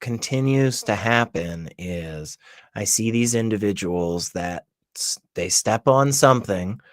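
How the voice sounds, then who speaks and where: A man in casual livestream chat, measured and deliberate, reasoning his points aloud. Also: lowish voice, lively intonation, dry recording, studio quality. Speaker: livestream guest.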